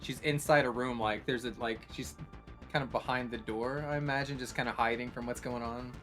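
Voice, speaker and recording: A man's voice: mid-range voice, fairly even intonation, a little fast, fairly bright tone, faint music behind. A man running a tabletop game as game master, explaining rules and describing scenes in a casual, laughing way.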